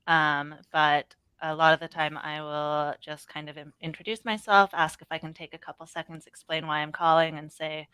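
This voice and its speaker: A woman's voice: low-pitched, little pitch movement, moderate pace, hardly any pauses, pushed and bright, smooth, dry recording. A woman sales rep explaining, in an easygoing way, how she opens her calls. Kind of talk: live online sales chat.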